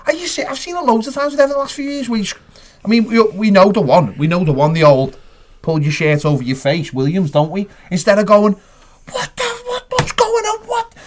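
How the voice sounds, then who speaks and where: A man co-hosting a casual football podcast, talking quickly in a bright, high voice. He is emphatic and rambling, and he acts out what other people said. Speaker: podcast co-host.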